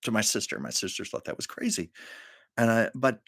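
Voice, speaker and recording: An older man hosts his own live stream and tells personal stories in an earnest, emotional way, often stopping and starting his sentences. His voice sits on the low side. The sound is dry and close, with no room around it. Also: sing-song, a little fast, vocal fry, fairly bright tone, husky, dry recording. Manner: emotional, earnest storyteller with many restarts. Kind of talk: casual storytelling on a live stream.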